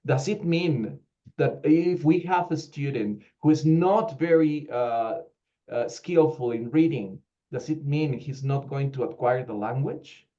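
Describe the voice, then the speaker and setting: Animated man giving a teacher training talk. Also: medium pitch, a little slow. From Peru. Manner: animated, rhetorical questions, acts out quoted teachers. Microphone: video call. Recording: slightly dull lo-fi online call audio.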